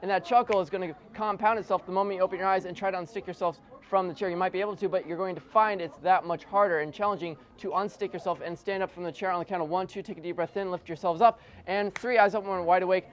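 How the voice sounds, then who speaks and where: Fast-talking male stage hypnotist. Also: steady tone, dull audio. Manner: rhythmic, repetitive hypnotic suggestions, sinking low and soft on "deeper and deeper"; chatty, joking asides to the audience. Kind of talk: live hypnosis show with volunteers. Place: corporate event room with an audience. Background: faint audience.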